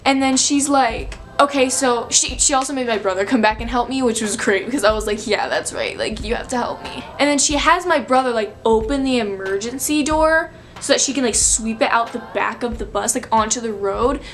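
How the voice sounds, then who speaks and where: A woman's voice: a little high, a little fast, hardly any pauses. Chatty young woman telling a story. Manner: chatty, filler-heavy, breathless retelling. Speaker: vlogger. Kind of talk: storytime vlog.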